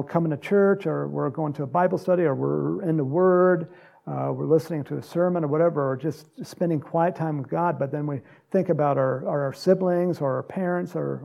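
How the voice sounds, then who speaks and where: A man's voice: on the high side, creaky, warm tone, dull audio. A man preaching an informal, conversational sermon, with frequent fillers. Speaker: pastor.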